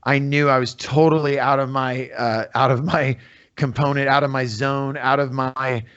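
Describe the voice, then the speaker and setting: A middle-aged man from Northern California, a musician guest in an interview, telling his stories in a rambling, animated way full of "you know" fillers. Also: mid-range voice, normal speed, clean tone. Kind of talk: casual storytelling interview. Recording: slightly muffled lo-fi audio.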